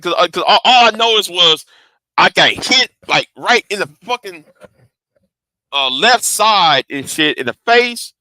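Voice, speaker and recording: A man with a fairly high, very bright voice tells a story to his camera in a loose, rambling way. He swears often and trips over his words, repeating them as he goes. The sound is dry and close. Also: expressive, moderate pace, no room sound. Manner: rambling, profane, stammering repeats. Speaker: vlogger.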